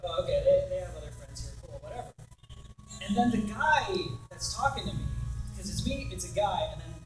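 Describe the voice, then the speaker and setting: A man's voice: sits high, a little fast, music in the background. A young man telling stories on a convention panel, acting out quotes and laughing often. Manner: animated storyteller, acts out quotes, laughs often. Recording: roomy far-off hall recording with noise.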